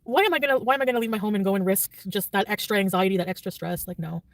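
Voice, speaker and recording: A woman's voice: mid-range voice, expressive, rapid-fire, no room sound. A woman vlogger chatting casually, rambling and defensive, laughing often. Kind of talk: casual vlog chat.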